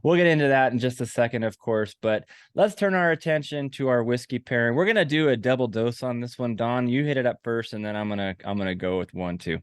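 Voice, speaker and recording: A man's voice: mid-range voice, fast talker, few pauses, clear, resonant tone, no echo, clean studio sound. A man in his forties hosting a podcast, telling stories in a rambling, self-mocking way. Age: 40s. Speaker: podcast host. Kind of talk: casual podcast chat.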